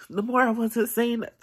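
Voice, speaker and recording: A woman recording a late-night vlog on her phone, crying and halting, with sighs and long pauses. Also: fairly high pitch, husky. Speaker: vlogger. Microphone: phone held in hand.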